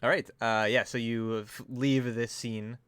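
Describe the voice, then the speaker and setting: A man's voice: mid-range voice, little pitch movement, unhurried, fairly bright tone. A man narrating as game master, loose and full of fillers.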